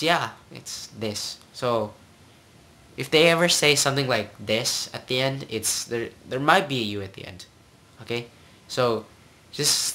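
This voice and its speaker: This is an amateur tutor talking through a casual lesson at a slow, unhurried pace. The voice is bright and clear, recorded on a simple home mic, and the delivery rambles, restarts phrases and keeps asking "okay?". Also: mid-range voice. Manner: rambling, repeats words and keeps checking in with "okay?".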